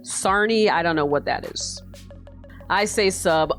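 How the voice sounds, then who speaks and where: A woman's voice: fairly low pitch, unhurried, faint music behind. A young American woman giving casual, sarcastic commentary while she takes an online quiz, swearing freely and laughing often. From United States. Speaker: YouTuber.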